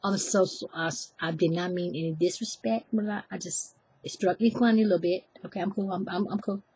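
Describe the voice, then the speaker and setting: Husky woman telling a story. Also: fairly low pitch, a little fast. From Oakland, California. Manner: chatty, animated, acts out voices, self-deprecating asides. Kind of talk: live personal storytelling.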